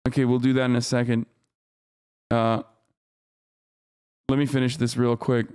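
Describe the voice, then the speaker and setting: A man streaming live, reading news aloud and commenting on it with quick, profane, exasperated remarks. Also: mid-range voice, level tone, darkish tone, clear, resonant tone. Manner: rapid, profane, exasperated ranting.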